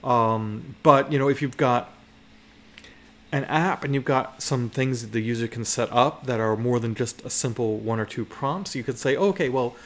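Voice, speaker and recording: A man's voice: mid-range voice, fairly even intonation, moderate pace. Rambling male presenter checking "okay?". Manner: loose, rambling, many restarts and "okay?" checks. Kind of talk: live conference talk.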